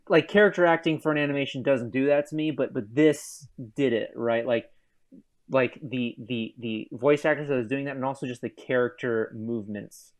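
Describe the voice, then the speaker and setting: A man chatting excitedly about a movie, laughing and using lots of fillers. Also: mid-range voice, fairly quick. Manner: animated, laughs often, filler-heavy. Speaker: podcast co-host. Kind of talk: casual movie discussion.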